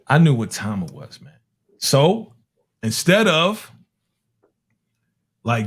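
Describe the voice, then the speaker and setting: A man tells a casual story. His voice sits at an everyday middle pitch. He talks in an animated way and puts on the voices of the people in his story, peppered with street slang. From Harlem, New York. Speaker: music producer telling a story.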